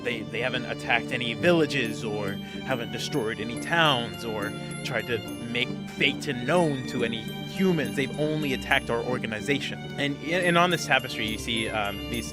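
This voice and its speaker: A man narrating a tabletop game as game master, rambling with many fillers. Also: medium pitch. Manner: rambling, lots of fillers, laughs often.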